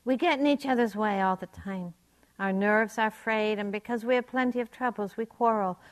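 A woman's voice: mid-range voice, normal speed, natural voice. A woman voicing a desperate poor man who pleads and laments as she tells a folk tale in a talk. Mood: pleading.

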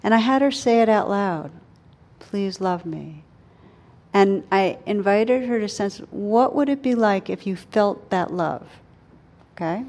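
Gentle woman giving a meditation talk. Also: medium pitch. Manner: gentle, unhurried, drops soft and quiet on tender words. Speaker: meditation teacher. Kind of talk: dharma talk.

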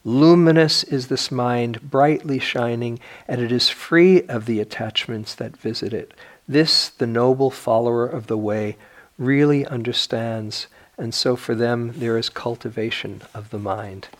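An older meditation teacher speaks reflectively in a mid-range voice while giving a dharma talk, pausing gently and sometimes starting over.

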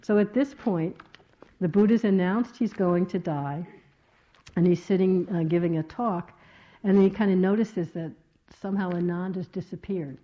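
Low-voiced woman giving a gentle meditation talk. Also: normal speed. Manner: gentle, reflective, with many soft fillers. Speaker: meditation teacher. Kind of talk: dharma talk. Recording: slightly dull lo-fi talk recording.

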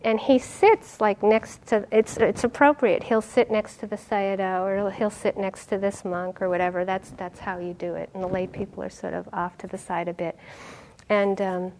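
A middle-aged woman meditation teacher giving a dharma talk, telling stories in an animated way and laughing often. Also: medium pitch, moderate pace. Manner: animated storytelling, laughing often, acting out quotes.

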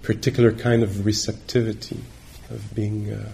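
A male meditation teacher giving a dharma talk on retreat, gentle and reflective, pausing often as he searches for words. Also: on the low side, little pitch movement, gravelly. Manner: halting, searching for words with many pauses.

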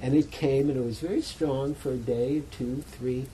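A man, a meditation teacher, giving a dharma talk in a meditation center hall, telling a story in a relaxed, chatty, self-mocking way. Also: mid-range voice, moderate pace, slight background noise. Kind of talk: dharma talk to a retreat audience.

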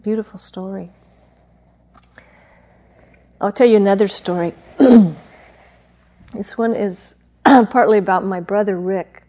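A middle-aged woman, a meditation teacher, telling a personal story in a gentle, reflective dharma talk, pausing now and then to clear her throat. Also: mid-range voice.

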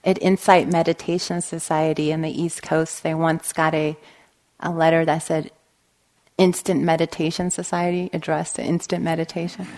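A woman meditation teacher giving a gentle dharma talk, telling stories and often checking in with "right?". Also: low voice, flat delivery, moderate pace. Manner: gentle, storytelling, frequent "right?". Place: meditation hall.

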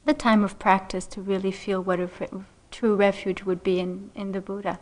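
A middle-aged woman meditation teacher telling a personal story in a dharma talk, unhurried and gentle, laughing softly often. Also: medium pitch, little pitch movement. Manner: unhurried, gentle, frequent soft laughs and "you know".

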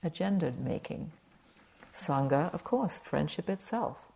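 A woman teaching meditation speaks in a low, mellow voice. Her dharma talk at the retreat is gentle and conversational, and she addresses the audience with easy, light humor. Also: lively intonation, unhurried, vocal fry.

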